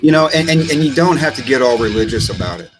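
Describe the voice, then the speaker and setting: A man's voice: mid-range voice, lively intonation, quick pace, over a noisy crowd, low-quality recording. A man from Texas, a guest in a casual conversation, who rambles and repeats words as he tells stories.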